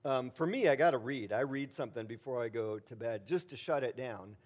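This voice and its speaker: A man's voice: medium pitch, brisk. Middle-aged male pastor, chatty sermon delivery, loose and rambling with lots of fillers, punches key words hard. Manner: casual, rambling, many fillers, emphatic bursts. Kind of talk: conversational sermon.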